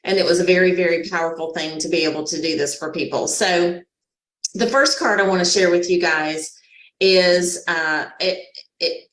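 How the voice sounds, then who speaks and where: Southern woman, 50s, folksy webinar guest, lowish voice, roomy video-call sound. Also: fairly bright tone. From Georgia, US. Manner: folksy, uses y'all. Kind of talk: casual chat on a webinar.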